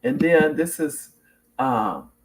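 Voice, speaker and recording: A middle-aged woman hosting her own show in a loose, chatty way. Her pitch swings widely as she tells stories, often breaking into laughter and restarting her sentences. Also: animated, slow. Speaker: talk show host. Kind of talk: casual chat reading viewer comments.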